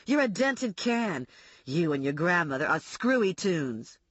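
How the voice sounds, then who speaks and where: A woman voicing a catty, indignant female rival who hurls shrill insults, on a slightly dull recording. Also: very animated, a little slow, dry recording.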